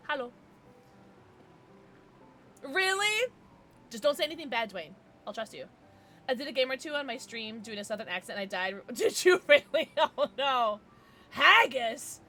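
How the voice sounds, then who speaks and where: Bright, lively giggly woman streamer. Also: high voice, moderate pace, soft background music. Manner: giggly, chatty, reacting to chat. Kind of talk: casual chat with live viewers.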